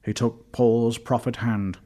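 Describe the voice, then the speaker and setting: A man telling a comic story in deadpan, mock-epic narration, with music behind. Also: mid-range voice, slow.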